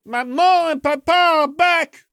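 A man voicing a cheeky, teasing young girl in a storybook reading, with a shrill, squealing voice. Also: big pitch swings, brisk, a little mellow, no room sound, studio quality. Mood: excited.

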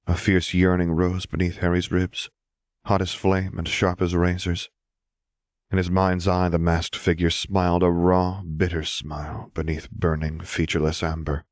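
Very deep man narrating a story. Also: flat delivery, moderate pace, dry recording, studio quality. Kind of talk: scripted narration of fan fiction.

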